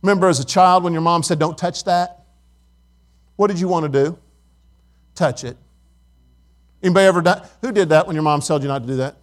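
A man's voice: on the high side, fast talker, long pauses. A middle-aged man preaching as a pastor, talking with his congregation, asking questions and telling stories. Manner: conversational, asks the congregation questions, tells stories. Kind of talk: sermon.

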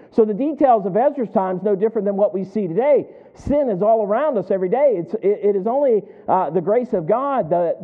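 Preacher guy, really high voice, sounds tinny like a phone line, asks the church stuff back. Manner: preaching, asking the congregation call-and-response questions. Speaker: pastor. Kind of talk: sermon.

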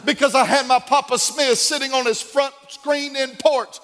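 A very high-pitched male pastor preaching a sermon, repeating key lines and answering his own questions. He builds to shouts, and his voice rings through a hall with a long reverb. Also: fairly even intonation, moderate pace, few pauses.

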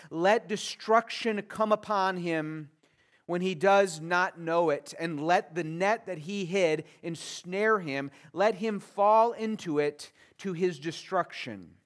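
Man, pastor, sermon, high voice, unhurried delivery, earnest rising pleas. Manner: reads scripture then explains it, voice rising in earnest pleas.

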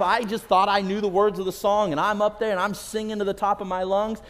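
Storytelling pastor in a reverberant hall. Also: male voice, sits high, brisk, few pauses. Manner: storytelling, animated, self-deprecating humor. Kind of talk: sermon. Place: church sanctuary. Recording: long reverb in a large hall.

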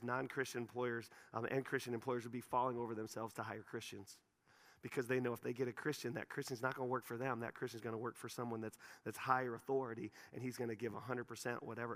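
A man preaching a sermon, telling a story with animated, repetitive phrasing in a church hall. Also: medium pitch, fast talker. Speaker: pastor.

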